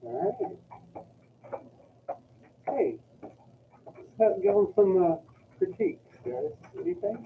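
A man's voice: sits high, sing-song, slow pace, pauses often. A man, a teacher leading a class critique in a direct, coaching way. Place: school classroom. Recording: tinny, distant, noisy room.

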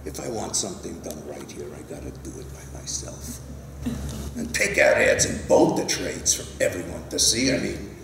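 A man's voice: deep voice, expressive, normal speed, creaky, noisy background, voice pushed down. Man doing a grumbling harried studio boss. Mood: exasperated. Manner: exasperated, grumbling. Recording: roomy hall, mic at a distance.

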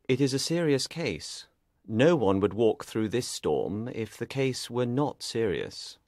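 A grave, clever detective speaks in measured tones, as a man puts him on while reading aloud. His pitch moves in a lively way, and the sound is dry and close with no room around it. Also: no echo. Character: calm, grave, clever male detective, middle-aged. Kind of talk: audiobook character reading.

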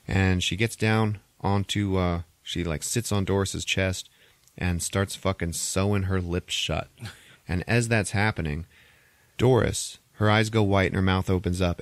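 A podcast host with a low voice gives a casual movie recap, retelling the film's plot in a rambling, profane way packed with filler words. The recording is dry.

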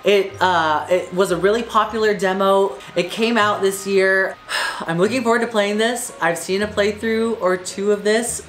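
A woman's voice: mid-range voice, steady tone, normal speed. A woman hosting a horror game let's play, jumpy and crude, often screaming. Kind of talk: casual gaming commentary. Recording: echoey room with game music.

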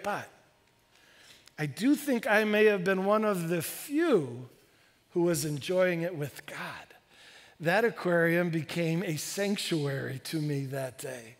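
A man in his fifties, a pastor preaching a sermon with animated, excitable delivery. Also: slow pace. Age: 50s. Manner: animated, bursts into high excited exclamations. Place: church sanctuary. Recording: long church hall reverb.

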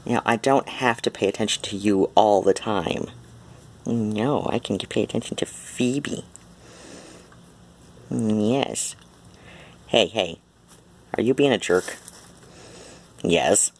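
A man at home filming his cats, talking to them in a soft sing-song baby talk. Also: on the low side, takes it slowly, long pauses. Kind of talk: casual cooing talk to pets. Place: home indoors. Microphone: handheld camera.

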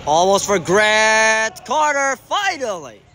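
Excitable man calling amateur soccer. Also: sits high, slow pace, a little hiss or hum. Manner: shouts and groans at the play, talks to the referee. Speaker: amateur commentator. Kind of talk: excited sideline commentary. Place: indoor soccer venue.

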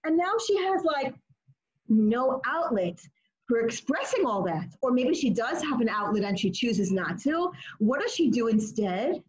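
A woman leading an informal study session, retelling stories in an expressive, animated way. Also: on the high side, a little slow. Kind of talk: informal teaching talk. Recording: muffled lo-fi audio.

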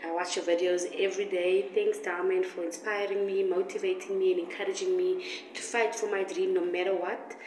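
A woman's voice: fairly low pitch, a little hiss or hum. A woman street singer speaking to her viewers with earnest, determined encouragement, recorded outdoors on a street. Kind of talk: motivational vlog address. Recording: roomy, distant mic with faint street ambience.

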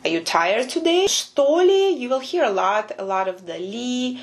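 A woman's voice: medium pitch, sing-song. Patient woman teaching words. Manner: explains patiently, repeats words slowly and precisely. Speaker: Russian language teacher. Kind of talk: language lesson commentary.

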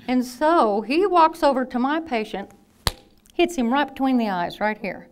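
A woman in her fifties, a nurse telling lively anecdotes in a talk and acting out the people she quotes. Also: a little high, measured pace. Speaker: nurse and speaker. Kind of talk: storytelling talk.

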